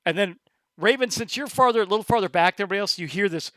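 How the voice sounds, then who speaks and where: A man narrating as game master of a tabletop horror game, talking in halting bursts with many restarts. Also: sits high, a bit bright, dry recording.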